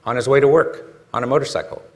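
A man's voice: medium pitch, steady tone, fast. A man preaching a sermon in a conversational way, asking the listeners rhetorical questions and rising to emphatic peaks. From California.

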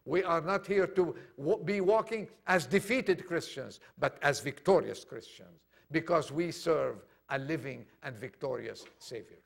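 A man preaching a sermon to a congregation, acting out quoted dialogue and swinging from loud declarations to hushed lines. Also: fairly high pitch, a little slow, gravelly. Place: church congregation.

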